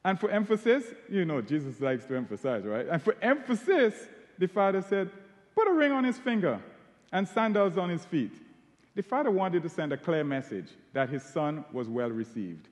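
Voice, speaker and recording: A man preaching a sermon, retelling a Bible story and stressing key words by slowing down on them. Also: on the high side, sing-song. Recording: long hall reverb.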